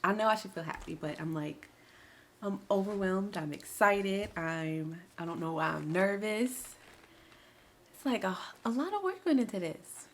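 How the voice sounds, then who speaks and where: A woman's voice: medium pitch, expressive, moderate pace, slight background noise. A woman, chatting casually and emotionally in a vlog from her home office, recorded by a camera on a tripod. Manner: chatty and emotional, with laughs and restarts. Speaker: vlogger.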